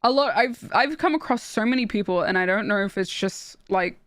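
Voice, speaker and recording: A young woman from Australia, chatting casually on a stream and telling stories in an animated way, with restarts and laughs. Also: mid-range voice, a little fast, dry recording, studio quality. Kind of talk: casual chat while streaming.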